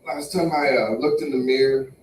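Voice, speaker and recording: A man's voice: medium pitch, fairly even intonation, moderate pace, roomy sound, distant mic, a little hiss or hum, low-quality recording. A man doing a loose, crude stand-up set and riffing on the crowd. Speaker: stand-up comic. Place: small comedy venue.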